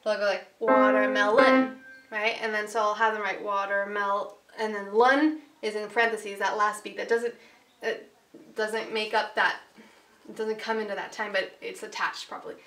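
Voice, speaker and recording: A woman piano teacher talking through a worksheet in a casual, chatty way, full of fillers and quick checks with her listeners. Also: medium pitch, little pitch movement, a bit bright. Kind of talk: casual instructional walkthrough. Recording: roomy, distant mic with faint ambience.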